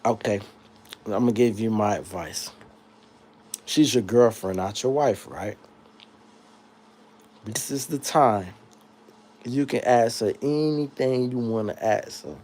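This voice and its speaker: A man hosting a livestream, reading chat comments and riffing in a casual comedic rant that swings between loud high bursts and low mutters. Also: slow, long pauses.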